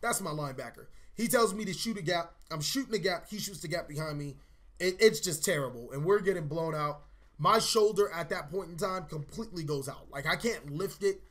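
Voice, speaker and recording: A young man talks straight to his viewers, telling a story in a loose, animated way. His voice sits high and sounds bright. He swears freely and acts out his own reactions as he goes. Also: fairly quick. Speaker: channel host. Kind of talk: casual storytelling vlog.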